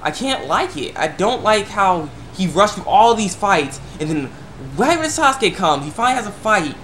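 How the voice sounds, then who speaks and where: A young man with a notably high voice talks straight to his camera in a loose, rambling vlog. He stumbles and restarts often, then surges into excited bursts. A faint hum of room ambience sits under him. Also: normal speed. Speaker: vlogger. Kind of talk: casual opinion rant to camera.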